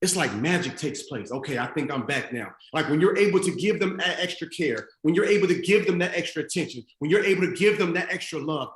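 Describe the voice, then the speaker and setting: A man's voice: high voice, fairly bright tone, echoey room. A young man giving a motivational speech to teachers, using a repetitive, preacher-like cadence with rhetorical questions. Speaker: motivational speaker. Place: stadium event space.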